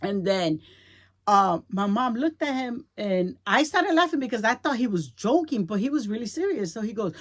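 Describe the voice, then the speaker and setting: A woman's voice: on the high side, very animated, normal speed. A middle-aged woman vlogger telling a personal story in casual chat, emotional and repetitive, often checking in with the listener. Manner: emotional, chatty, repeats herself, checks in with "right?".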